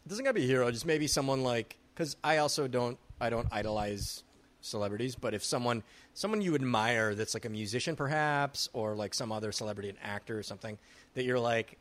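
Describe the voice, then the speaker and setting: A man's voice: medium pitch, fairly quick, a bit bright. A man co-hosting a podcast in casual chat, easygoing as he steers the questions. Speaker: podcast co-host.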